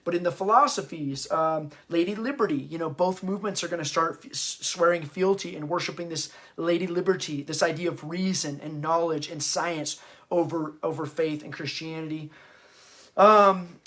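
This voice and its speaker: A man's voice: on the high side, fairly bright tone. A man hosting an unscripted history talk, impassioned and stirred up, often stopping and restarting mid-sentence. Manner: halting, often stops and restarts. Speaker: host and parenting author.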